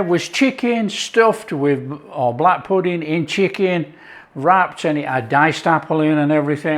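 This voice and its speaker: A man hosting his own cooking channel, chatting enthusiastically to viewers as he demonstrates a recipe. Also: a little high.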